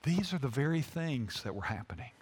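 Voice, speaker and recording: A man preaching a sermon as a pastor, telling a story haltingly with many fillers. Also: mid-range voice, big pitch swings, a little mellow, husky. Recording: long hall reverb.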